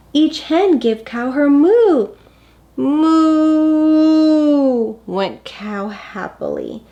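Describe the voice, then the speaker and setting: Slow, expressive woman reading a storybook to children. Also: mid-range voice. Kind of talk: children's picture-book read-aloud.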